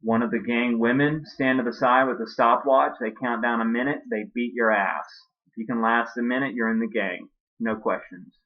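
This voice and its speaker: A man voicing blunt male gang members in a comedy story, with a quiet, flat, matter-of-fact delivery. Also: medium pitch, moderate pace, close to an everyday voice. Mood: deadpan. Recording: dull lo-fi recording.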